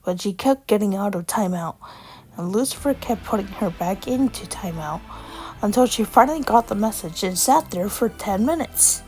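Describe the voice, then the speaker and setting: A woman narrating a children's story in a plain, unhurried way. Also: medium pitch, expressive, a little mellow.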